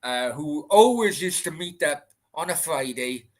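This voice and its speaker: Speaking a little slowly, a Welsh man with a fairly high, animated voice answers chat on a casual late-night livestream Q&A. He rambles, chats, swears freely, and restarts his sentences many times.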